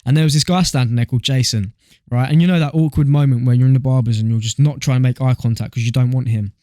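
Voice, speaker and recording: A young man with a British accent co-hosting a podcast and telling stories in lively casual chat, swearing freely. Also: medium pitch, fast, no echo, clean studio sound. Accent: British English. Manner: animated storyteller, swears freely. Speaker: podcast co-host.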